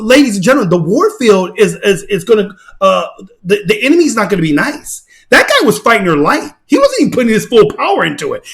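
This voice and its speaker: A man hosting casual commentary on a fight video, excitable, laughing and repeating himself. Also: very high voice. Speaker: channel host.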